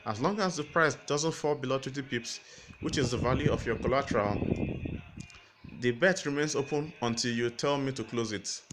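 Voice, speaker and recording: A man's voice: medium pitch, normal speed, noisy background, close to an everyday voice. Spider-Man as a man doing a sly broker. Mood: explaining. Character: sly scheming male superhero acting as broker. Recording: music playing underneath.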